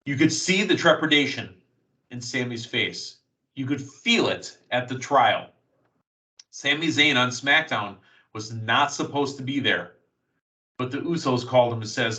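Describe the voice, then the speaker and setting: A man hosting a casual wrestling podcast, recapping matches in an excited, storytelling play-by-play manner. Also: medium pitch, a little slow, distant mic, low-quality recording. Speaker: podcast host.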